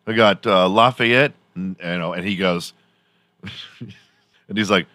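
A man's voice: low-pitched, slow pace, pauses often, pushed and bright, dry recording. A man hosting a podcast, telling a rambling story in a casual, profane way and laughing often as he goes. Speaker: podcast host.

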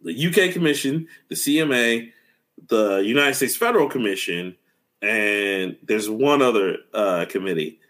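A young man co-hosting a casual gaming podcast, jokey and animated, acting out quotes in voices. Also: lowish voice, unhurried. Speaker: podcast co-host.

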